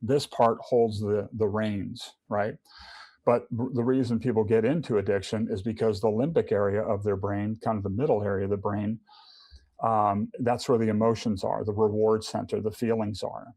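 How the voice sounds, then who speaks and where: Guest testimony: middle-aged man, low gravelly voice, earnest, restarts a lot. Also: little pitch movement, moderate pace, mellow, dry recording. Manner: earnest, with many restarts and repeated words. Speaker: podcast guest. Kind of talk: personal testimony in casual conversation.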